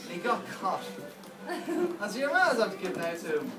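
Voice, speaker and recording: A man's voice: high voice, very animated. Best man in an echoey hall. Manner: anecdotal, playing others' lines in quick quotes. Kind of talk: wedding speech storytelling. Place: wedding reception hall. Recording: echoey hall, speaker far from mic, loud music.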